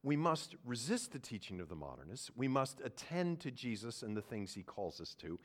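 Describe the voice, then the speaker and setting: A man preaching a sermon, earnest, moving from quiet reflection to loud, emphatic points. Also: on the low side, animated, fairly quick, few pauses. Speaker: pastor.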